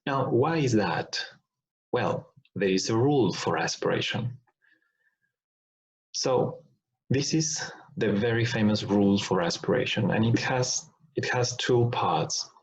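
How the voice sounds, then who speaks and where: Slow, deliberate male teacher. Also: fairly low pitch, expressive. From Argentina. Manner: deliberate, repeats example words to show sounds, checks in with "all right?". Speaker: phonetics teacher. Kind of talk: recorded online lesson. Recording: dull lo-fi recording.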